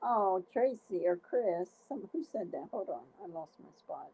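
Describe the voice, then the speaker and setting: A woman's voice: mid-range voice, animated, unhurried, mellow, a little hiss or hum, low-quality recording. A woman co-hosting a livestream from home, chatting casually and exclaiming often. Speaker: livestream co-host. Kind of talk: casual chat. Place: indoors at home with a dog.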